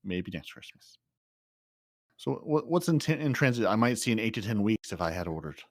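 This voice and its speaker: A man's voice: on the low side, very animated, a little fast, no room sound, studio quality. A man co-hosting a gaming podcast, explaining news in casual chat and often repeating words as he starts a sentence. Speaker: podcast co-host.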